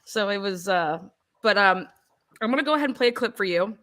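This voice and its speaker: A woman hosting an interview over a video call, chatting in a lively way and often quoting her own reactions. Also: mid-range voice, brisk. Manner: chatty, animated, quoting herself. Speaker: host. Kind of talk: casual interview chat.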